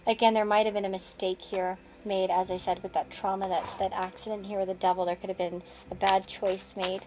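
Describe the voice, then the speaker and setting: A woman's voice: mid-range voice, flat delivery, fairly quick, darkish tone, slight background noise, low-quality recording. A woman giving a casual tarot reading, rambling and restarting her sentences with frequent chuckles. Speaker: tarot card reader.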